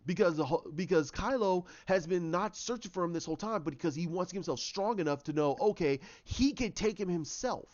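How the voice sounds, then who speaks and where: A man giving casual commentary on films, rambling and animated, acting out scenes in voices. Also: high-pitched, a little fast, few pauses, highs cut off. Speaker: YouTube commentator.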